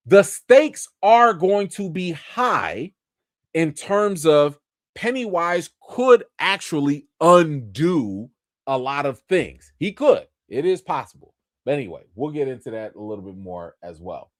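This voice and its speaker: A man giving a casual, slangy livestream review of a TV episode, animated and full of fillers. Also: on the high side, no echo, clean studio sound. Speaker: show reviewer.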